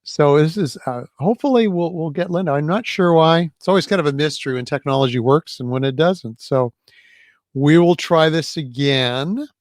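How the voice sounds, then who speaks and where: A man's voice: fairly high pitch, moderate pace, no room sound. A man hosting an event, chatting easily and joking while he works through technical problems. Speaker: event host. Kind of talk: casual hosting chat.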